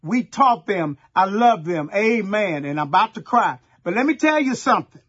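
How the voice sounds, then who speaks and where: Husky high-voiced preacher. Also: male voice, lively intonation, normal speed, fairly bright tone, lo-fi sound. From Texas. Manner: folksy call-and-response preaching, storytelling with asides to the congregation. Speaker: pastor. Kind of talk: sermon.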